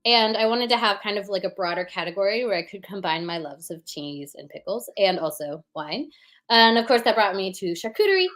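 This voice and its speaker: A woman's voice: mid-range voice, lively intonation, fairly quick, fairly bright tone. Woman, casual chat, chatty, lots of fillers, talks through her wordplay. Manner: chatty, many fillers, explains with rhythm sounds. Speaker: pun performer and guest.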